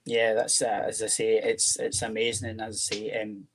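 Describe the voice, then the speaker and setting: A man's voice: lowish voice, monotone, normal speed, rough recording. A Scottish man hosting an interview in a friendly, casual way. He keeps falling back on the same stock phrase. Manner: friendly, often repeats "as I say". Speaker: host.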